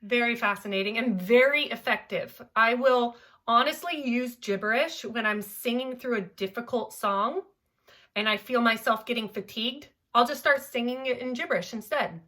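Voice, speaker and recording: A young adult woman from Southern California, a voice teacher speaking in an animated, playful way in a podcast interview. Her voice is bright and forward and sits a little high. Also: moderate pace. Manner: animated, playful, demonstrates with gibberish singing sounds. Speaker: voice teacher, guest.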